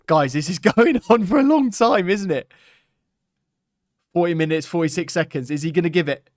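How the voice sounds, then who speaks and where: A man hosting a live football watchalong, excitable and chatty, talking to his viewers. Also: fairly high pitch, normal speed, no room sound, clean studio sound. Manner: excitable, chatty, laughing, talks to the chat. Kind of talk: live match watchalong chat.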